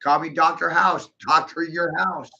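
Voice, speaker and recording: Brief: man, slow gravelly ranter, cursing and combative, dull lo-fi sound. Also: on the high side, steady tone. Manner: profane, aggressive, repetitive, shouting bursts. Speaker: monologuing video host. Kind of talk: ranting monologue to camera. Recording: dull lo-fi recording.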